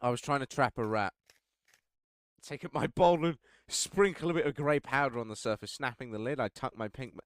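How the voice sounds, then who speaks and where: A man reading a text game aloud with wry commentary, swinging between deadpan narration and outbursts. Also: mid-range voice, fairly quick, clear, resonant tone, no room sound, clean studio sound. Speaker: game streamer.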